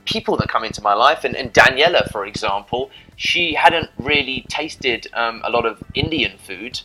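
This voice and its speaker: A man's voice: mid-range voice, expressive, normal speed, bright, forceful tone, soft background music, poor audio. A man giving dating advice in a casual, rambling monologue to camera, often adding "you know" and "right?". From Britain.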